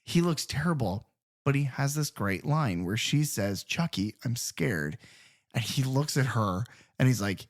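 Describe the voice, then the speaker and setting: Man, 30s, podcast co-host, casual and animated, swears a lot, laughs easily, mid-pitched voice. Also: normal speed. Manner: animated, profane, laughs often. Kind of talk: casual film discussion.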